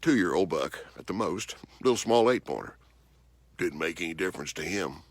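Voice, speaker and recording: Animated low-voiced male hunting host. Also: normal speed, no echo. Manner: animated, emphatic storyteller with frequent restarts. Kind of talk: storytelling monologue.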